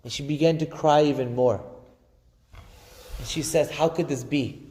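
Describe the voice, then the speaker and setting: A man giving a Friday sermon, preaching with passion, slowing and swelling for emphasis and chanting Arabic phrases. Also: fairly high pitch, fairly even intonation, dark tone, slight background noise. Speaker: imam giving Friday khutbah. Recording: long hall reverb.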